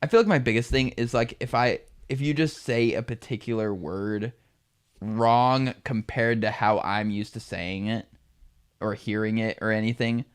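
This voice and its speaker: A man's voice: lowish voice, fairly even intonation, normal speed, clear, resonant tone. A young man co-hosting a casual podcast, blunt and profane, breaking into laughter often. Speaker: podcast co-host.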